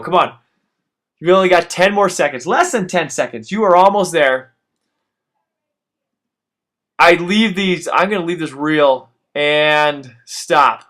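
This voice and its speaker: A man's voice: a little high, lively intonation, normal speed, a bit bright. A man in his thirties coaching a workout over his own footage, pushing the listener on and panting after the exercises. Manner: urgent encouragement, breathless after exertion. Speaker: fitness instructor.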